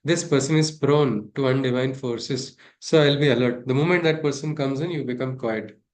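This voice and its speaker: A man's voice: medium pitch, normal speed, a little mellow. A man teaching a scripture class, talking things through and asking his listeners rhetorical questions. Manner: discursive, asks rhetorical questions. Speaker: spiritual teacher.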